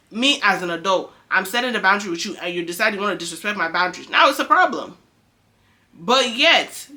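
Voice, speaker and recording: A woman's voice: mid-range voice, sharp tone. A young woman vlogging advice in a casual monologue, firm and emphatic, often repeating her points.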